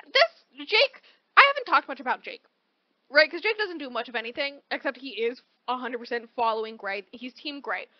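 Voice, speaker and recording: Animated high-voiced woman recapping a book. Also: moderate pace, no room sound, dull audio. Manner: animated storytelling, peppered with "like" and "right?"; swears casually. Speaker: podcast co-host. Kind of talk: casual book recap chat.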